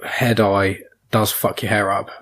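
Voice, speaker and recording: Blunt young man, fairly low voice. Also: little pitch movement, unhurried, fairly bright tone. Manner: blunt, opinionated, swears casually. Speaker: podcast host. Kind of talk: casual chat.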